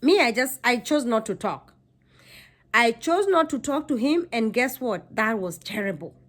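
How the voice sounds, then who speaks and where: A young woman from Kenya recounts a personal story to her camera, casual and animated. Her voice sits a little high, and she leans on repeated phrases to drive her points home. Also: measured pace. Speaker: vlogger.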